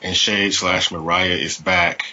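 Man, very low voice, bright and husky, lo-fi audio. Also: steady tone, unhurried. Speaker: podcast co-host. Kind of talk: reading episode recap notes.

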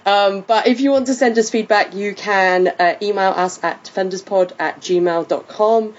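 A woman's voice: medium pitch, normal speed, dull audio. A British woman hosting a podcast in casual chat, rambling with many fillers. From Britain. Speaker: podcast host.

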